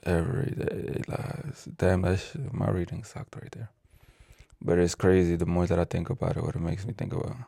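A man talks in a very low, heavily gravelly voice, rambling and cursing as he trips over words he reads out. His tone is dark and husky, and the recording is dry and close. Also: level tone, normal speed, no room sound. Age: adult with a child. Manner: profane, rambling, stumbles over words while reading. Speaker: vlogger. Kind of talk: casual ranting monologue.

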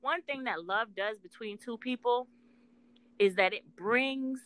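A woman's voice: fairly high pitch, unhurried, fairly bright tone, low-quality recording. A woman co-hosting a casual talk, speaking earnestly and emphatically about love and healing, with swearing. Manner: earnest, emphatic, profane storytelling. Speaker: podcast co-host, spiritual intuitive worker.

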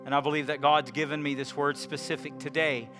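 A man preaching a sermon, swinging from loud emphasis to hushed quiet lines and asking the congregation questions. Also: a little high, flat delivery, a little fast, music in the background.

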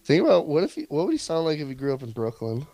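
A man's voice: fairly high pitch, wildly swooping pitch, rapid-fire, mellow, no room sound. A man co-hosting a chat in casual, crude banter, playful and giggly.

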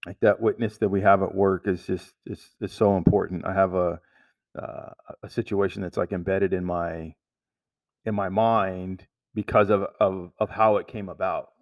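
Low, gravelly man, casual storyteller, stumbles and restarts often, dry sound a bit off mic. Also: little pitch movement, dry recording, recorded from a distance. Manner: halting, many restarts and "like" fillers. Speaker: manager telling a work story.

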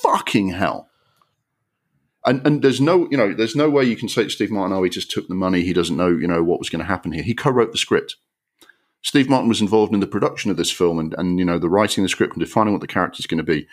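Low-voiced male podcast host, sarcastic sweary ranter. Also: fast. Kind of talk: ranting film review.

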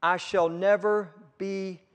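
A man's voice: sits high, flat delivery, slow pace, clear, resonant tone, long reverb tail, dull audio. A man preaching a sermon as pastor, with emphatic rises and drops as he quotes scripture.

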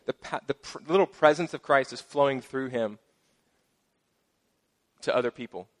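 In a mid-range voice at a moderate clip, this middle-aged pastor preaches in a laid-back, playful way. Joking asides and lively emphasis run throughout.

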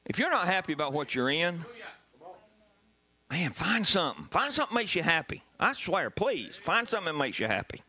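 A male pastor preaches with lively, swooping pitch and a very bright, forceful tone. His voice sits high for a man, and he swings between quiet asides and loud, punchy lines. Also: a little fast, slightly rough. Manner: animated preaching with sudden loud emphasis. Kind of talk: sermon.

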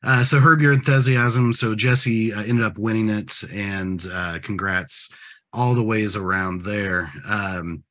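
Low-voiced, hesitant man. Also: steady tone, measured pace, a bit bright. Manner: hesitant, lots of ums, trailing off. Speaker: podcast co-host. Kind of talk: casual chat.

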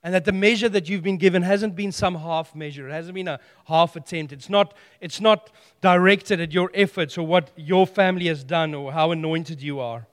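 A man preaching a sermon, animated and playful, telling stories with humor. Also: a little high, normal speed, few pauses, long reverb tail.

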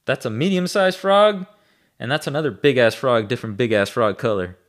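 Man, casual vlog chat, laid-back, slangy, chuckling, mid-pitched voice. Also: a little fast. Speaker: bass fishing angler. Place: room at home.

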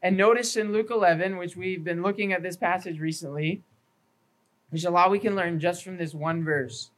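At a church evening service, a male pastor with a high, steady, slightly bright voice preaches earnestly at a moderate pace, moving through numbered points and scripture references. He occasionally stumbles and repeats a word, and the recording quality is low.

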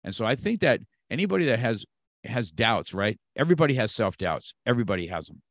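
A man's voice: medium pitch, sing-song, fast talker, fairly bright tone, no echo, studio quality. A man around sixty from California, a martial arts instructor talking as a guest, emphatic and repeating key phrases to motivate. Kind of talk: motivational conversation.

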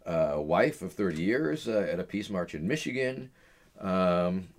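Low-voiced middle-aged man telling stories. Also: lively intonation, measured pace. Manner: rambling, full of "uh" and "um" fillers. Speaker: interview guest. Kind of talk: casual storytelling in an interview.

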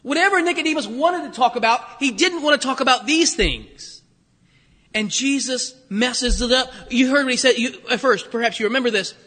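A man's voice: very high-pitched, normal speed, sharp tone, in a large hall. A man preaching a conversational sermon, full of rhetorical questions and acted-out quotes. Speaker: pastor.

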